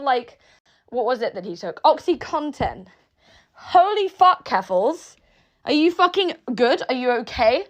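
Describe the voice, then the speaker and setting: Woman, high voice, casual sweary online rant, mocks people she quotes. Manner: swearing, rambling, laughing mid-rant; quotes others in mocking voices. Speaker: online commentator.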